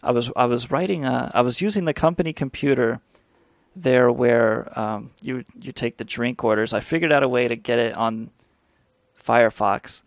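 A man's voice: mid-range voice, moderate pace, no room sound. A man hosting a call-in radio show, telling rambling, crude stories and laughing as he goes. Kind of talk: casual storytelling on a call-in show.

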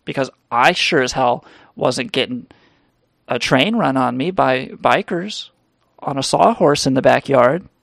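A defensive, sneering wife who snaps back with sarcastic retorts, as a man does her voice. The sound is gravelly and close, with little room around it. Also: medium pitch, unhurried, a bit bright, dry recording.

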